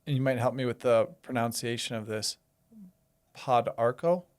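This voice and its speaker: A podcast host interviewing a guest, calm, giving short word prompts and soft listening sounds. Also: medium pitch, quick pace.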